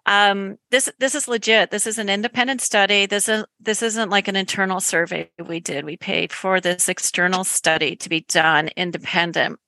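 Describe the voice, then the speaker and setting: A woman with a Canadian accent, an accounting practice owner speaking as a guest on a webinar panel in an animated, chatty way that breaks into laughs. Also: medium pitch, normal speed, hardly any pauses, dry recording.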